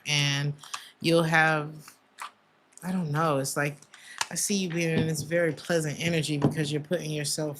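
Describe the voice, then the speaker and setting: Low-voiced chatty woman tarot reader. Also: fairly bright tone, a little hiss or hum. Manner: emotional, chatty, many fillers and laughs. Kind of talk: casual tarot reading.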